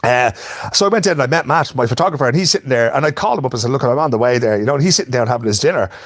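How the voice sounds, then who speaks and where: A man's voice: mid-range voice, rapid-fire, no room sound. A man with a Dublin Irish accent, a sports journalist telling long rambling stories in casual podcast chat. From Ireland. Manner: rambling animated storyteller.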